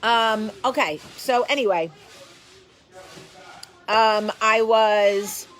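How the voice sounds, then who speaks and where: A woman's voice: on the high side, very slow, a bit bright. A woman hosting a casual chat to camera from her home, blunt and sassy in manner. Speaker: host.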